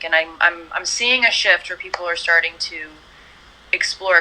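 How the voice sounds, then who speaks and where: Woman singer, interview guest, lowish and very bright voice, easygoing and chatty, faint room ambience. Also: low-quality recording. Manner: relaxed, chatty, many "you know" and "like" fillers. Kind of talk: casual interview chat.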